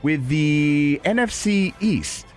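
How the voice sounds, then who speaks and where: Upbeat man hosting sports talk, jokey and animated, quick to laugh. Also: fairly high pitch, faint music behind. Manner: lively, joking, laughs often. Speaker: radio show host. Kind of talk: casual sports talk radio chat.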